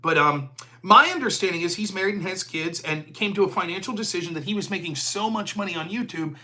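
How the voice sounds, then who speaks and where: A man's voice: high-pitched, animated, fast talker, pushed and bright. A man of forty hosting a live stream, talking in a profane, heated rant. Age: 40s. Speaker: host.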